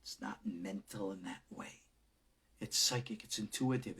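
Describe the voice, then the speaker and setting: A middle-aged man, a rabbi giving a recorded lecture on Kabbalah, who swings from loud emphasis down to hushed whispers. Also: fairly low pitch, a little slow, gravelly, breathy edge.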